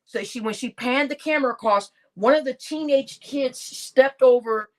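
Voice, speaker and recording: A woman's voice: sits high, moderate pace. A woman hosting a livestream, chatting casually with viewers and a co-host, laughing often and calling the audience y'all.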